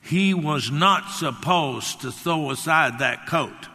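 Older male preacher, emphatic sermon, sharp forceful tone, long hall reverb. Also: fairly high pitch, slow pace. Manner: emphatic, acts out quotes, rambling anecdotes.

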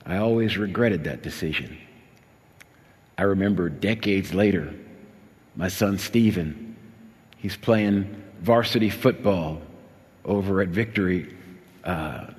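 Guy preaching, tells his own story, gets loud and pleading then drops way down low, long echo off a big church hall. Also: takes it slowly, long pauses. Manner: rising to emphatic pleading, then dropping low and quiet for personal story. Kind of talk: sermon storytelling.

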